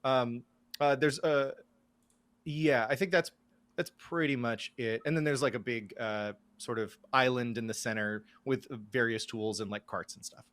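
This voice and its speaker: A man playing a tabletop game who describes his character's surroundings in a relaxed way with many fillers. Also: mid-range voice, measured pace, no room sound. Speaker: player.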